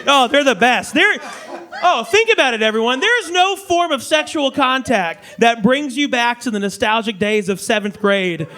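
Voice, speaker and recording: A man performing a stand-up comedy set on a club stage, telling crude stories in a loud, animated way. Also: extremely high pitch, normal speed. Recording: live club audience laughter.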